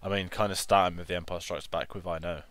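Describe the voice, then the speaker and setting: A man co-hosting a casual film review, talking in a relaxed, rambling way with lots of "like" and "kind of". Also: low voice, fast, no echo.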